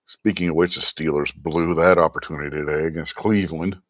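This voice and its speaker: A man's voice: extremely low pitch, fairly even intonation, a little fast, fairly bright tone, no echo, clean studio sound. A man hosting a casual livestream chat, tired and yawning, talking in a blunt, grumbling way that slips into swearing. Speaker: host.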